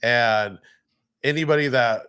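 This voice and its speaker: A man's voice: medium pitch, measured pace, sharp tone, clean tone. A man co-hosting a podcast, a DJ telling rambling gig stories in casual chat, swearing and acting out the people he quotes. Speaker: podcast co-host, DJ.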